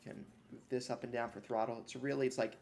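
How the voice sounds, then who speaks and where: Gravelly-voiced man on a podcast. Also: mid-range voice, flat delivery, quick pace, crowd noise. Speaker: podcast co-host. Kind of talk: casual chat.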